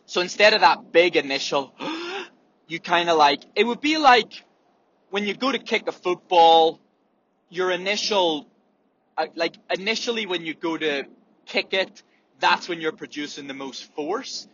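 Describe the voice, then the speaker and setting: Bright-voiced man, candid and sweary. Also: high-pitched, lively intonation, moderate pace, lo-fi sound. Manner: candid, swears freely, demonstrates breathing sounds. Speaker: runner. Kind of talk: casual monologue.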